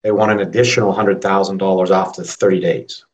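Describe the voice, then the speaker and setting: A man's voice: deep voice, level tone, brisk, muffled recording. A man who is a guest investor, casually recalling how a property deal went. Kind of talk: casual conversation.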